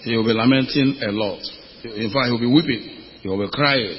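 A man's voice: medium pitch, a little fast, slight background noise. Preaching man in an echoing hall. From Nigeria. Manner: preaching with emphatic call-and-response questions. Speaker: pastor. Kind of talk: sermon. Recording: muffled audio with long hall reverb.

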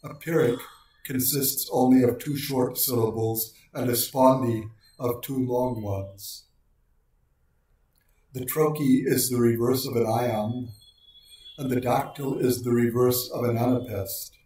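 A man giving a precise, measured lecture on poetic meter and slowing down to recite lines of verse. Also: mid-range voice, fairly even intonation, mellow. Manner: precise, deliberate delivery, slows for quoted lines. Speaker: lecturer on poetry. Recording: very echoey room, voice far from mic.

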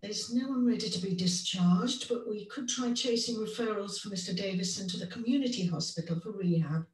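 A woman's voice: medium pitch, fairly quick, close to an everyday voice. A woman with a British accent playing a nurse in a scripted listening test dialogue, conversational and plain. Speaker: nurse in an exam listening recording. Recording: roomy, distant audio replayed.

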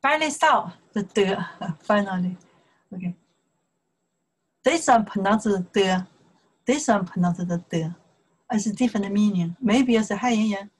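A woman with a Chinese accent gives an online Chinese lesson at an unhurried pace. Her voice is slightly breathy and husky. She talks haltingly, with lots of fillers, and sounds out each syllable with its tone. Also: medium pitch, rough recording. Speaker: Chinese teacher. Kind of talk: casual online language lesson.

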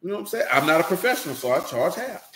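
A man's voice: a little high, sing-song, racing, reverberant, background noise. A man giving a loose, conversational sermon, talking directly to listeners and often checking they follow him. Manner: talks loosely and directly, often asking "you know what I'm saying". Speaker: preacher.

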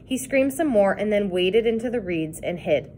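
A woman reading a children's chapter book aloud with expressive, dramatic pacing. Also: medium pitch, moderate pace, a little hiss or hum. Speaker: reader. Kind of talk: read-aloud storybook narration.

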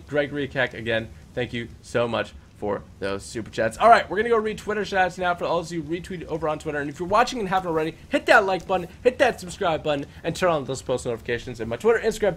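A young man hosting a game live stream, chatting casually and giving quick, upbeat shout-outs with some stumbles. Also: on the high side, expressive. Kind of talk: casual live-stream chat, reading out super chats.

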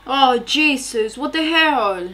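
A woman's voice: sits high, expressive, slow pace, sharp tone, slight background noise. Young woman reacting to a show. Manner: exclamatory, swearing, laughing asides. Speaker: reaction video host. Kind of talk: casual reaction commentary.

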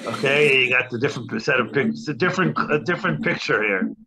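A man's voice: mid-range voice, fast talker, noisy background. A man teaching a religious class in an informal, joking way, with frequent restarts and asides. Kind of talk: informal lecture.

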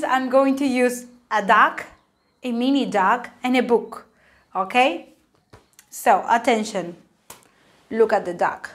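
A woman's voice: fairly high pitch, slow, pauses often. A woman with an Argentine accent, a native Spanish speaker, teaching an English lesson to camera, repeating each sentence and asking the viewer questions.

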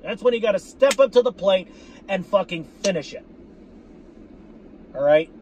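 A man's voice: high voice, animated, moderate pace, long pauses, a little mellow, lo-fi sound. A man ranting to his viewers about his football team, swearing often and repeating himself as he talks to them as "folks". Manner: profane, repetitive, addresses viewers as folks. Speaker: sports fan vlogger. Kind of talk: ranting fan commentary.

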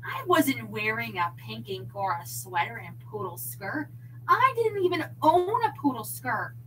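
A woman's voice: on the high side, very animated, measured pace, recorded from a distance, noisy background. A woman reading the part of an indignant middle-aged wife who snaps accusations at her husband. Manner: snappish, accusing.

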